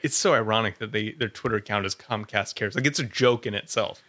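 A man's voice: lowish voice, fairly quick, bright, forceful tone. A man in casual chat, making wry joking remarks.

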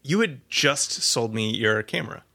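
A man hosting a casual podcast chat, easygoing and quick with his asides. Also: medium pitch, lively intonation, gravelly, pushed and bright. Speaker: podcast host.

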